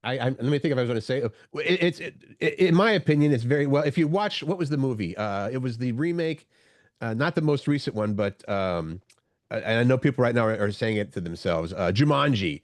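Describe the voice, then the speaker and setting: A man's voice: mid-range voice, expressive, a little fast, no echo. A man co-hosting a morning show, chatting casually and searching for his words as he rambles along. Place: radio studio.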